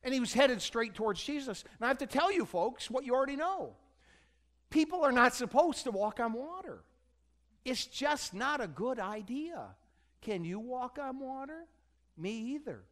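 A man's voice: very high-pitched, sing-song, moderate pace, a bit bright. A male pastor preaching a sermon in a church, retelling a story with humorous asides and questions to the congregation. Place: church sanctuary.

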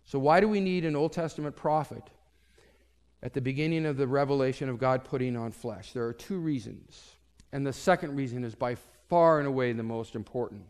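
A man preaching a sermon as pastor, telling a story and swinging from loud to hushed. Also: mid-range voice, brisk, smooth, big-room sound.

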